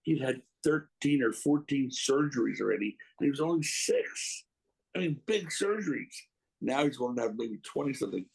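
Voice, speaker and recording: A man's voice: medium pitch, animated, normal speed, gravelly, darkish tone, slightly rough, rough recording. A middle-aged man, a guest reminiscing in a casual interview, rambling and emotional with many restarts.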